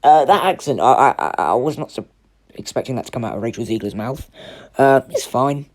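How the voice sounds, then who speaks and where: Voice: mid-range voice, animated, a little fast, darkish tone. A film reviewer giving a casual spoiler review, chatty and full of "like" and "you know.".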